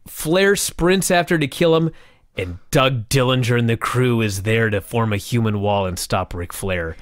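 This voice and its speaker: A man's voice: fairly high pitch, dry recording, studio quality. A man co-hosting a wrestling review podcast, telling the story with passion and plenty of swearing. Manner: animated, profane, impassioned storytelling. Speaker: podcast co-host. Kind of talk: casual wrestling review chat.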